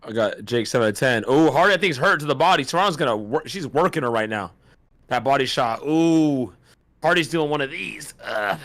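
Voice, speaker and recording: A man calling a boxing match on a casual watch-party stream, excitable and slangy, laughing often. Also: medium pitch, a little fast, no echo. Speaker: host doing fight commentary.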